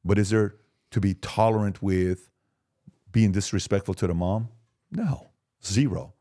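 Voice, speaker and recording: A man in his forties, a podcast guest, talking emphatically and telling lively stories in casual conversation. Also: lowish voice, unhurried.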